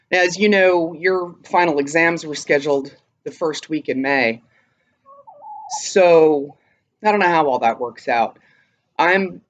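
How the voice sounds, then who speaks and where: A man teaching high school English by home video, talking casually with fillers and a little out of breath. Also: dry recording, muffled recording. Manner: relaxed, halting with fillers. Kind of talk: casual class update and reading aloud.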